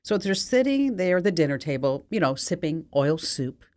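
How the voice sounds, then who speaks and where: A woman's voice: sits low, very animated, moderate pace, a little mellow. A woman hosting a tech podcast in casual chat, telling a long joke with playful delivery. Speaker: podcast host.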